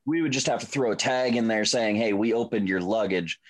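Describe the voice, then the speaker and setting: A man telling stories from an old job as a podcast guest. He lays the steps out simply and matter-of-factly, in a relaxed conversational way. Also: on the low side, brisk. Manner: plain, matter-of-fact explaining. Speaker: podcast guest, former airport baggage worker. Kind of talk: casual storytelling.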